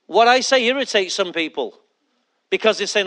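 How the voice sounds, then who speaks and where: A male pastor delivers a sermon in a high voice. He is emphatic, drives his points home by repeating them, and keeps asking the congregation questions. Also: moderate pace, fairly bright tone.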